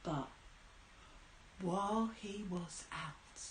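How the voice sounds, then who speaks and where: A woman telling a story live to children in a playful, animated way, with sound effects and calls to join in. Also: fairly low pitch, very slow, slight background noise. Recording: roomy echo.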